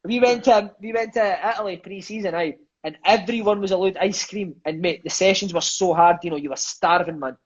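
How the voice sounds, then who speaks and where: A Scottish former footballer tells profane, animated stories from his career, dropping "mate" every few words. His voice sits high and sounds husky. It comes through a video call, so the audio is dull and lo-fi. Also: a little fast, hardly any pauses. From Scotland. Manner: lively, profane, peppers speech with "mate". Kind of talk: storytelling interview chat.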